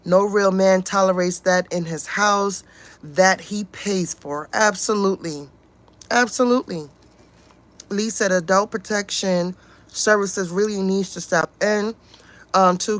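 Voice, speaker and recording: A woman's voice: medium pitch, a bit bright. A woman hosting a casual livestream, reading chat comments aloud and giving outspoken, exasperated commentary with frequent swearing.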